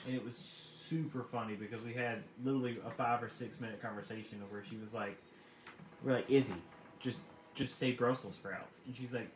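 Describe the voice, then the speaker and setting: A man's voice: mid-range voice, steady tone, a little fast, echoey room, slight background noise, rough recording. Teasing man in casual live banter. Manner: teasing, storytelling, mimics voices in quotes. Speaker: craft channel co-host.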